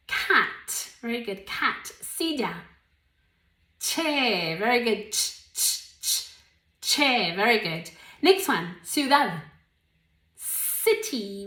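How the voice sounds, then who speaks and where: A woman with an Australian accent teaching English, slowly and carefully modeling each word's pronunciation for learners. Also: a little high, sharp tone. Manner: slow, deliberate pronunciation modeling. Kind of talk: language lesson drills. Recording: roomy echo.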